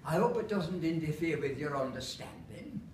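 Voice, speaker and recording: A man's voice: fairly high pitch, sing-song, moderate pace, slight background noise. Man reciting comic verse in Lancashire accent. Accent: put-on Lancashire. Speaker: storyteller. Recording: roomy, mic far off, faint ambience.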